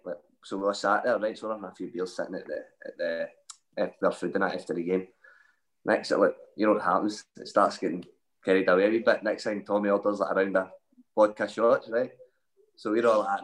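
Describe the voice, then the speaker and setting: A Scottish man, a former footballer, telling a rambling, lively anecdote full of asides in a casual chat. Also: on the low side, fast, poor audio. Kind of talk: casual storytelling.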